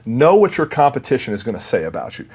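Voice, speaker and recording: A man's voice: mid-range voice, sing-song, fast, darkish tone, slightly rough. A man who works in sales, a guest on a podcast, telling earnest stories and quoting the people in them. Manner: earnest storyteller, quotes himself and others. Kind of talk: casual interview chat.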